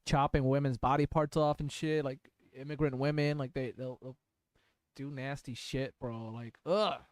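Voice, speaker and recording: A man's voice: medium pitch, steady tone, moderate pace, dry recording, clean studio sound. A man chatting casually on a live stream, loose and profane with slang.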